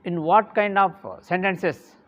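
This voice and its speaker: A man giving a lesson, speaking deliberately, repeating key terms and saying "okay" often. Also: high-pitched, steady tone, muffled recording. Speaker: English teacher. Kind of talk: classroom lecture.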